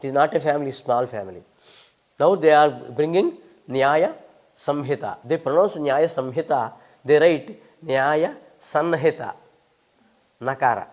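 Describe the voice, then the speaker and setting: A man's voice: a little high, expressive, normal speed, darkish tone. An older man from India with an Indian English accent, a scholar answering audience questions in an emphatic, lecturing way with wry humour. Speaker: visiting Sanskrit scholar.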